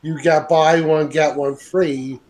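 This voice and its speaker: A man's voice: a little high, steady tone, takes it slowly, background noise. Laid-back male podcast host, casual chat. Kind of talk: casual panel chat over an online call.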